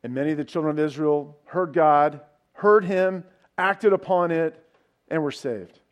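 A pastor preaching a sermon, retelling a story in a casual way with asides and rhetorical questions. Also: male voice, fairly high pitch, a little slow.

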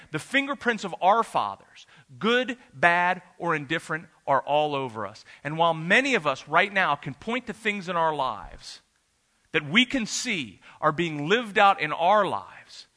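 Standing before a congregation in a church room, this pastor delivers a sermon built around a family story. His voice sits high and sounds bright and forceful, and his manner is conversational and anecdotal, with filler "uh"s here and there.

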